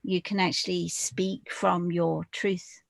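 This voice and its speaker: A woman speaking as a guest in a spiritual podcast conversation, slow and deliberate, pausing often with fillers. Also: lowish voice, level tone, creaky, no echo.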